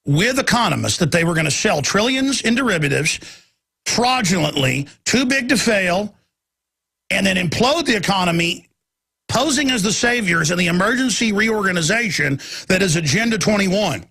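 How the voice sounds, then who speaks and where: A man's voice: high-pitched, lively intonation, normal speed, pushed and bright, slightly rough. A man hosting a talk radio show, delivering an impassioned monologue with an intense, ranting manner, repeating phrases and stammering into restarts.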